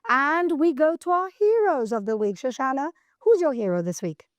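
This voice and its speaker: A woman hosting a TV news show, her voice sitting a touch high and sounding dry and close, with no room around it. She delivers opinion commentary emphatically, scolding and slowing down to hammer key words. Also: animated, no room sound.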